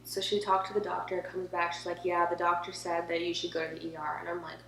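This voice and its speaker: A woman's voice: fairly low pitch, completely flat delivery, fast talker, creaky, a bit bright. A young woman telling a personal story in a casual, emotional, chatty way, filling her talk with "like". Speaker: vlogger. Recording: echoey room with faint hum.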